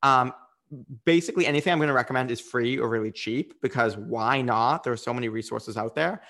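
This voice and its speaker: A man's voice: mid-range voice, fairly quick, creaky, a bit bright. A man speaking as a coach in a candid interview, earnest and reflective, with frequent fillers.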